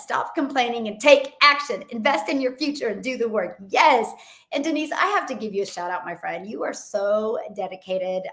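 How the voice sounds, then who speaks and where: An upbeat woman with a hoarse voice, chatting with viewers in a motivational coaching live stream from her home. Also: on the high side, reverberant. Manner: energetic, motivational, chatty with frequent laughs. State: hoarse voice from a long event. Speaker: online business coach.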